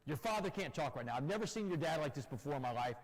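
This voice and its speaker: A man quoting his mother, a nurse, as calm and firm in a church hall with long reverb. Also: a little high, fast talker. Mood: firm, loving. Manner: calm and firm, then urgent.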